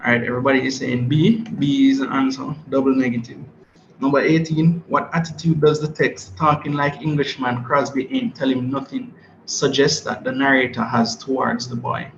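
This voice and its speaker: A man's voice: mid-range voice, little pitch movement, normal speed, a little hiss or hum. Man teaching an online review class. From Jamaica. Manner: checks chat for answers, reads multiple-choice questions aloud. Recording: dull, echoey room audio.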